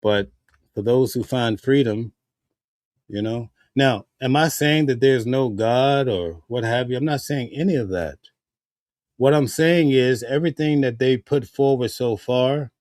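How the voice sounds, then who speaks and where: A man's voice: mid-range voice, a little mellow, no room sound, studio quality. A man giving casual spoken commentary in a heated, preachy way, full of rhetorical questions. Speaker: vlogger.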